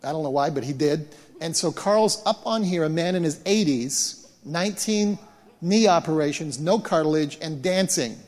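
A man preaching as a pastor, retelling events in an animated way and often repeating words as he restarts. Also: on the high side, normal speed. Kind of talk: sermon storytelling. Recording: long hall reverb.

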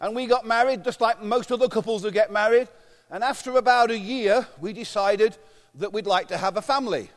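A man's voice: sits high, brisk. An English man in his fifties preaching a sermon as pastor, telling humorous, self-mocking stories. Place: church. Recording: long hall reverb.

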